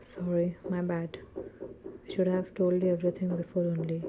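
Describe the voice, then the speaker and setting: A woman voicing a calm, teasing young man confessing his love, in a soft, flat read-aloud delivery. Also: lowish voice, normal speed, phone-quality sound, noisy background, natural voice.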